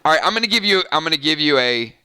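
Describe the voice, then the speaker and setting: Bright, crisp excitable male host. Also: on the high side, very fast, no room sound, studio quality. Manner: excitable, laughs often, talks to viewers directly. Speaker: host of a TV review channel. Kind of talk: live-stream chat reading viewer comments.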